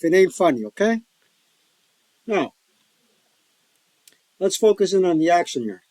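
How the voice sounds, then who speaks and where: This board wargame host plays solo and chats casually about it, cracking jokes and wandering into folksy tangents. His high, darkish voice swings widely in pitch and runs a little slow with frequent pauses. The audio is poor but free of echo.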